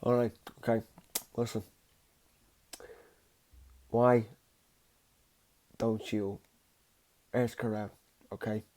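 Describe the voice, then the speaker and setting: A man doing a low, muttered impression of a tough-guy New York film actor. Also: level tone, extremely slow, pauses often, warm tone, low-quality recording. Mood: gruff.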